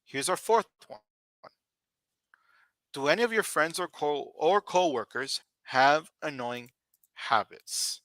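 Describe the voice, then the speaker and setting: Slow, bright-voiced male English teacher. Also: fairly high pitch, expressive, no echo. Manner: slow, deliberate, repeats questions and model answers. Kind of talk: ESL conversation lesson.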